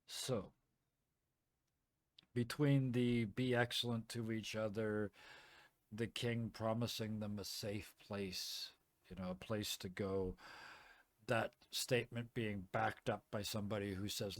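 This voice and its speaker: A man's voice: on the low side, steady tone, slow pace, no room sound. A man narrating as game master of a tabletop game, vivid and playful with sound effects.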